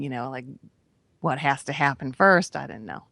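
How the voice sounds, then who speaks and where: A woman shares a personal story during a spiritual talk, speaking casually and checking in with her listeners. Her voice has a gravelly edge, and it is recorded dry, with no room sound. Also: extremely low pitch, moderate pace, sharp tone, no room sound. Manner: conversational, often adds "right?" and "you know". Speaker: spiritual teacher. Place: radio broadcast.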